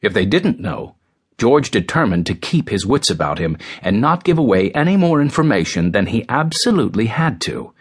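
Man reading an audiobook, lively up and down voice, husky, dramatic. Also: on the low side, normal speed. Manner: expressive, dramatic storytelling. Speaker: audiobook narrator. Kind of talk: scripted audiobook narration.

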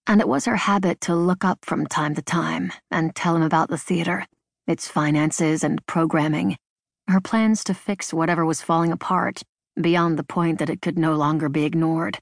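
A woman reading an unabridged novel in measured, even scripted narration. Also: deep voice, gravelly, dry recording. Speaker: audiobook narrator. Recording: dry studio booth.

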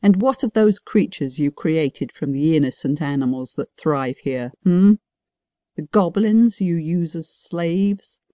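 A woman's voice: sits low, lively intonation, unhurried, warm tone, dry recording, clean studio sound. A woman voicing a proud, scornful male dragon elder who challenges and accuses in an audiobook.

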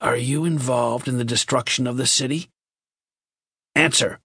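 A man voicing a stern male Martian officer who speaks in a slow, clipped, commanding way. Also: medium pitch, steady tone, pushed and bright, breathy edge, no room sound, clean studio sound, pitched above the performer's own voice. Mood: interrogating.

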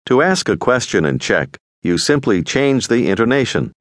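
A man narrating a scripted audio language lesson, giving clear, patient instructions. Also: mid-range voice, very animated, moderate pace, no room sound, studio quality.

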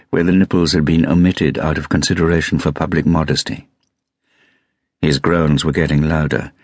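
A man reading a thriller audiobook as narrator, measured and steady. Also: rumbling low, no room sound, clean studio sound. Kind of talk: scripted narration.

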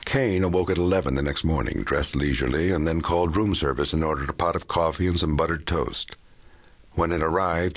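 A male audiobook narrator with an extremely deep, husky voice. He reads in a measured, even storytelling manner. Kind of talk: scripted narration.

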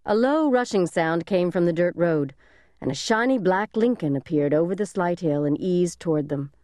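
A woman narrates a thriller with a measured, suspenseful delivery. Her voice sits low and sounds mellow and warm. The studio recording is dry and close, with no room sound. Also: expressive, dry recording. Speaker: audiobook narrator. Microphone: close studio mic.

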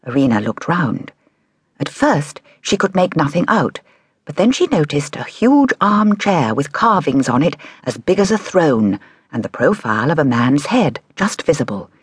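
A woman narrating a children's audiobook in a measured, expressive storytelling manner. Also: low voice, breathy edge, no echo, studio quality.

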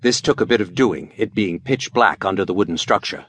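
A man reading an adventure audiobook as scripted narration, with animated storytelling. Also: low voice, brisk, slightly rough, dry recording.

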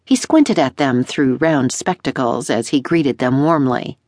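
A woman narrating a historical romance audiobook in an expressive, melodic storytelling manner. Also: extremely low pitch, measured pace, few pauses, dry recording, clean studio sound. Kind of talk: scripted narration.

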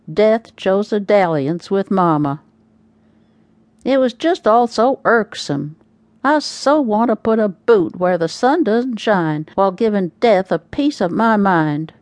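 A woman tells a first-person story in an expressive, wry manner. Her voice sits in a middle pitch. It is recorded dry and close on a studio mic. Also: dry recording. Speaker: audiobook narrator. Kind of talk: first-person audiobook narration.

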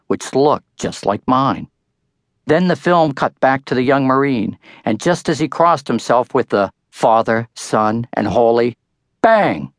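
A man's voice: mid-range voice, no room sound, studio quality. Wry older man reading an audiobook. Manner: wry, storytelling first-person narration. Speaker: author-narrator. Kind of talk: audiobook narration.

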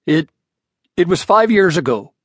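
A man voicing a gentle middle-aged husband in an audiobook story, who talks hurriedly and stammers when caught out. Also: medium pitch, animated, moderate pace, no echo, clean studio sound. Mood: flustered.

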